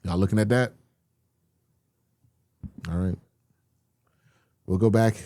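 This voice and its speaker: A man's voice: on the low side, slow, dry recording. A man hosting a casual football film review, talking straight to his viewers and getting exasperated, with some swearing. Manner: animated, exasperated, swears, addresses viewers as y'all. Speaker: football film breakdown host.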